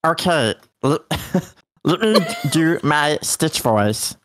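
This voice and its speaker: A man's voice: fairly high pitch, expressive, takes it slowly, a bit bright, no room sound, studio quality, voice pushed up. Stitch, a man doing a scratchy little alien. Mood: playful. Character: small mischievous male cartoon alien creature.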